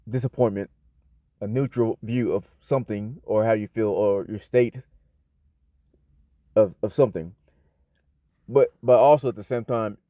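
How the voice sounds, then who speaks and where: A man's voice: lowish voice, no room sound. An American man giving an unscripted casual English lesson, rambling with lots of fillers, restarts and self-corrections. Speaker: English teacher. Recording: dull, lo-fi dry sound.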